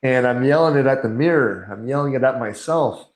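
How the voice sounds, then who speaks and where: A man of middle age talks frankly about hard times as a podcast guest. His voice sits at an ordinary pitch and bounces around a reverberant room. He slips into little quoted voices to replay his own thoughts. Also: brisk. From Canada. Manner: earnest, candid, acts out inner dialogue with quoted voices. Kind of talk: conversational interview. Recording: echoey room.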